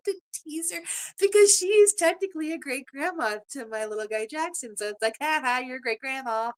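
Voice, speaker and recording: Middle-aged canadian grandma rambling on her livestream, kinda high voice, lots of ums. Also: a little fast. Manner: chatty, gushing, rambling with many fillers. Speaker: livestream host. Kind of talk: casual live-stream chat.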